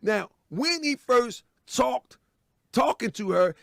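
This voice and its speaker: A man giving animated, mocking commentary on a video clip and laughing at the person in it. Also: very high voice, slow pace, creaky, dry recording, studio quality.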